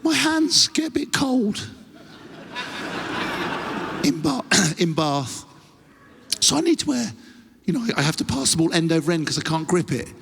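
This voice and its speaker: A man voicing a timid male rugby player in a high, squeaky, whining tone. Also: very animated, measured pace, vocal fry, pauses often, a bit bright, a little hiss or hum, heavily acted. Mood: whiny. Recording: live venue with long reverb.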